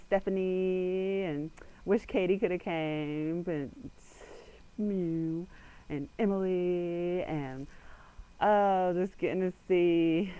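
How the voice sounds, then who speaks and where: A young man talks straight into his webcam at home in a loose, rambling way, with "like" in nearly every sentence. His voice sits a little higher than most men's. He keeps slipping into quick impressions of what he and others said. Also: a little mellow, clean tone, poor audio. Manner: chatty, rambling, peppered with "like", acts out quotes. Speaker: vlogger. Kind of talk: casual webcam chat.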